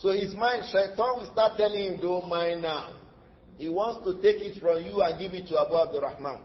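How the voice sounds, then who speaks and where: A man with a Nigerian accent giving a lively sermon as an Islamic lecturer, acting out dialogue in his stories and laughing often. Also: high voice, normal speed, slight background noise. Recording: dull lo-fi lecture recording.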